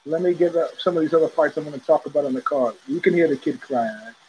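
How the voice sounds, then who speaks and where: A man's voice: fairly high pitch, quick pace, a little mellow, highs cut off, slight background noise. A man hosting his own show, talking in a blunt, sardonic, rambling way, with frequent restarts. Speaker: host. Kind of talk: casual solo commentary.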